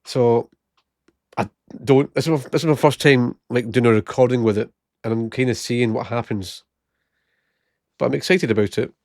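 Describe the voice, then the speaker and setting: A man's voice: medium pitch, moderate pace, long pauses, darkish tone, no room sound, clean studio sound. A man vlogging in casual storytelling, a little short of breath from a chest infection, often laughing at his own stories. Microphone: new gated microphone close up.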